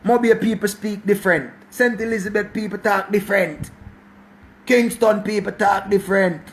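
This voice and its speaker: Preachy Jamaican man, high voice. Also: steady tone, moderate pace. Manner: preachy, repetitive, mixes patois and swearing. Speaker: father giving life talk. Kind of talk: passionate casual monologue.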